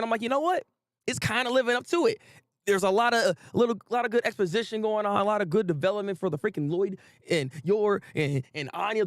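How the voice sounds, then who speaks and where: This man hosts a laid-back anime commentary in a high voice, recorded at studio quality with no room sound. His delivery is animated and repetitive, full of laughter, repeated phrases, and casual swearing.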